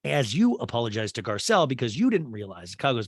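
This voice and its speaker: A man's voice: mid-range voice, big pitch swings, fast, few pauses, no echo, studio quality. A man hosting a comedy podcast, recapping a reality show with sarcastic, profane asides and exaggerated mimicked quotes. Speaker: podcast host.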